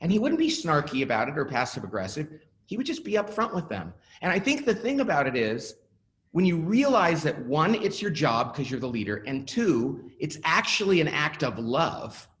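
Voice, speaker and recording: Animated middle-aged man telling stories. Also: a little high, normal speed. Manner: animated storyteller who acts out quoted dialogue. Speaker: author and guest speaker. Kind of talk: conversational webinar interview.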